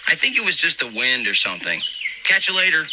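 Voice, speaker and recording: A man's voice: on the high side, very animated, a little fast, background noise, pitched above the performer's own voice. A man voicing a casual, dismissive teenage camp counselor. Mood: offhand. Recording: narration over loud music.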